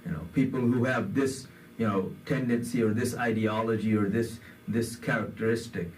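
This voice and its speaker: A man's voice: on the low side, fairly even intonation, normal speed, darkish tone, far from the mic, a little hiss or hum. A man giving a conversational sermon, with many fillers, in a community center hall. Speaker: imam.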